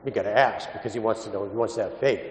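A man's voice: fairly low pitch, racing. A man, a Catholic priest or deacon, giving a homily with folksy personal stories mixed with scripture. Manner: folksy storyteller, mixes personal anecdotes with scripture. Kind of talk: gospel reading and homily. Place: large church. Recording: echoey church with long reverb.

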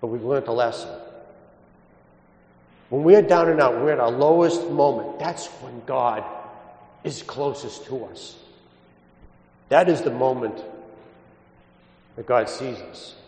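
A man preaching a homily in a large, echoey church where his words ring on in a long reverb. He tells his stories plainly and folksily, then turns them into scripture lessons, at a medium pitch. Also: measured pace, pauses often, a little mellow. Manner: folksy storyteller, mixes personal anecdotes with scripture. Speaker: Catholic priest or deacon. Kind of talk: gospel reading and homily.

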